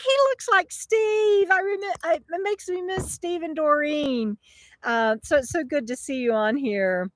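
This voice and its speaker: Chatty woman, higher voice. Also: a bit bright, no echo. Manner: chatty and rambling, with frequent fillers and laughs. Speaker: channel host. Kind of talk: casual livestream chat reading viewer comments. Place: outdoors by a wooded river.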